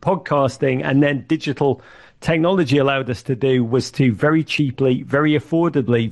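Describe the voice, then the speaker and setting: A middle-aged man giving an animated interview, full of restarts and acted-out quotes. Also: mid-range voice, gravelly. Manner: animated, acts out quoted voices, many restarts. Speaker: podcast network founder, guest. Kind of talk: conversational interview storytelling.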